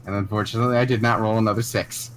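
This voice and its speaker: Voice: mid-range voice, fairly even intonation, racing, faint music behind. A player in a tabletop game, talking casually and joking.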